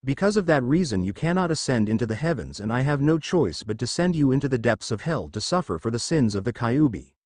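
A man voicing a stern, imperious goddess who judges souls, speaking in a haughty, commanding way, with lively pitch. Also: brisk, few pauses, no room sound, studio quality.

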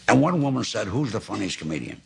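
A man in his nineties, a talk show guest telling anecdotes in a dry, deadpan way on an old TV broadcast tape. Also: on the low side, fast, noisy background. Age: 90s. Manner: dry, deadpan storyteller with gravelly voice. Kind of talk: anecdotal storytelling.

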